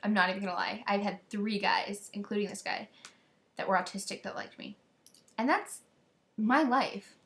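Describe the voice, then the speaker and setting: A woman's voice: medium pitch, moderate pace, creaky, a bit bright. A teenage girl talking into a webcam in a casual, rambling video message to a friend, gossiping and venting. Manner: rambling, gossipy, quotes others in exasperated voices.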